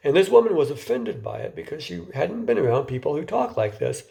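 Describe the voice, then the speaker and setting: A man's voice: a little high, huge pitch swings, a little fast, creaky, warm tone. A man giving an informal lecture in a conversational way, often restarting and repeating words and asking his listeners questions.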